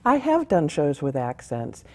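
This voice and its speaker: A woman actor answering interview questions in a friendly, measured way. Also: deep voice, wildly swooping pitch. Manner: friendly, measured, chuckles at herself. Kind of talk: casual interview.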